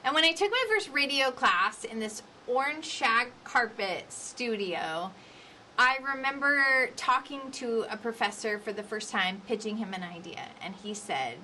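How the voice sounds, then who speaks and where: A woman in her forties giving a lively coaching lecture on public speaking, with varied emphasis. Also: a little high, unhurried, a little hiss or hum. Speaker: instructor.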